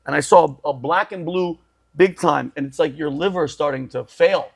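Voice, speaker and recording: A man in his forties tells his story on a podcast, his voice sitting a little high. He talks emphatically, circling back over his words and dropping "bro" and "dude" as he goes. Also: moderate pace, gravelly. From Assyrian family. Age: 40s. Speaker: guest.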